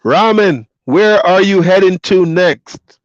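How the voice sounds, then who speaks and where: Slow-paced and high-pitched, this Jamaican man reads out viewer comments on his livestream and chats back casually, laughing frequently in an easygoing manner. He's a truck driver streamer whose first language is Patois, heard with a Jamaican accent on a dull, dry lo-fi recording with no room sound.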